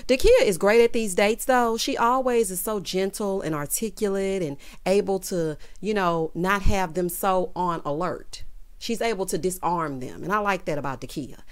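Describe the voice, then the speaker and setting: A woman with a mid-range voice recaps a reality dating show for her viewers. She is sassy and animated, sprinkling in "child" and "honey" and leaping up in pitch whenever she wants to drive home a point. The delivery sounds like an unscripted chat. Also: normal speed, clean tone. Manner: swoops high in pitch for emphasis. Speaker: TV recap vlogger.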